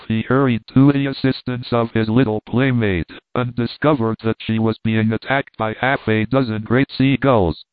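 Male audiobook narrator, steady and measured; dry, lo-fi phone-like recording. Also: medium pitch, dry recording. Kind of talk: audiobook reading. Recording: tinny phone-like dry sound.

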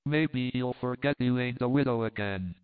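A man's voice: medium pitch, moderate pace, clean tone, natural voice. A man voicing a fat, bossy older man who talks in a blustering, folksy, commanding way. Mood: jovial. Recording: tinny phone-like sound.

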